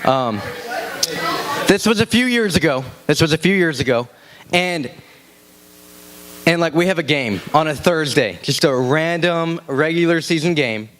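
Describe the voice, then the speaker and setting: Animated young youth pastor. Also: male voice, measured pace, long pauses. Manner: animated, acts out shouted quotes in a high voice. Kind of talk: casual sermon with storytelling. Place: church youth room.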